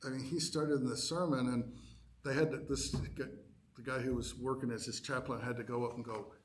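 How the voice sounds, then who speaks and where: A man telling a personal story to a church adult education class, acting out his own reactions in lively quoted asides. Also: medium pitch, normal speed.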